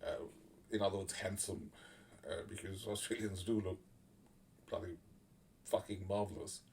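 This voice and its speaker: A man with a low voice delivers casual commentary in a blunt, sardonic way, swearing freely and filling pauses with "uh" and "you know". He sits some distance from the microphone. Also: steady tone, a little mellow, slight background noise. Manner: blunt, profane and sardonic, with many fillers. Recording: voice a little far from the mic.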